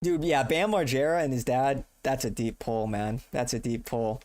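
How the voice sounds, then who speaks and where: A man's voice: medium pitch, fairly even intonation, normal speed, a little mellow, no echo. A male streamer chatting casually with his audience, laid-back and slangy, laughing often. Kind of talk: casual live-stream chat.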